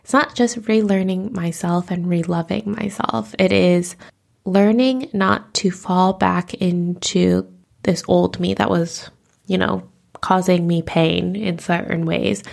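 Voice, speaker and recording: Low, gravelly-voiced woman in her thirties. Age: 30s. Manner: candid, emotional, searching. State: teary. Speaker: podcast host. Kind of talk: reflective personal monologue.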